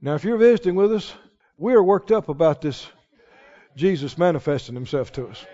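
A man's voice: on the high side, lively intonation, a little fast, dark tone. A male pastor preaching a sermon with emphatic, rising declarations to a church congregation. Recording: dull sound with long hall reverb.

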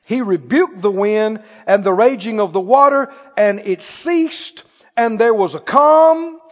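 A man's voice: high voice, a little slow. Male preacher, playful and emphatic, in an echoey hall with a dull recording. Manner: rhetorical questions, playful and emphatic. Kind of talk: sermon.

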